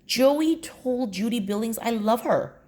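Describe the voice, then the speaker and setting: A woman's voice: a little high, animated, measured pace, warm tone, pitched above the performer's own voice. A woman voicing an earnest, worried third-grade boy with eager, indignant outbursts in a children's book read aloud.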